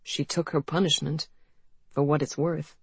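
A woman reading an audiobook, voicing a steady man who speaks quietly and dryly. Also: deep voice, a little slow, breathy edge, dry recording, heavily acted. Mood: gentle. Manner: dry, quiet, soothing. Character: grown man, dry-humored, gentle and steady. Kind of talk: audiobook character voice.

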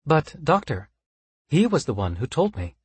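A man voicing a calm, polite android assistant that speaks in a flat monotone. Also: on the high side, moderate pace, husky, dry recording, pitched above the performer's own voice, full character voice. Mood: matter-of-fact.

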